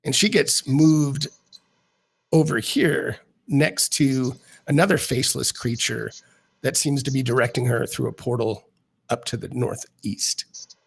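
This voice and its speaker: A man narrating as dungeon master of a tabletop game in a rambling, halting way. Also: mid-range voice, vocal fry, slightly rough, rough recording.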